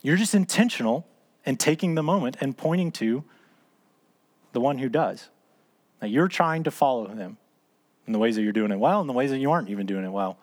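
A man's voice: medium pitch, expressive, brisk, pauses often, darkish tone. A man in his thirties or forties leading a small church discipleship group, teaching in a casual, conversational way and asking and answering his own questions. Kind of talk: casual teaching talk ending in prayer.

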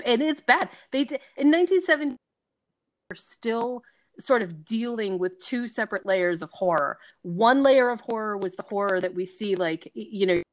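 A woman co-hosting a podcast in casual chat, earnest and insistent, with halting restarts. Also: on the high side. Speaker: podcast co-host.

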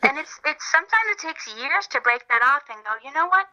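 A woman's voice: sits high, fairly quick, lo-fi sound. A woman with a light, youthful voice, telling stories earnestly in a casual interview over a video call. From Minnesota. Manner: earnest, animated storytelling with frequent laughs. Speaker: interview guest, filmmaker and actress.

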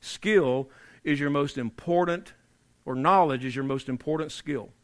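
A male pastor in full sermon mode, his voice sitting a little high for a man. He leans hard on repeated phrases, then sinks to a low, hushed delivery to press a point home. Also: moderate pace. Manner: emphatic preaching, repeats key phrases, drops to quiet for emphasis.

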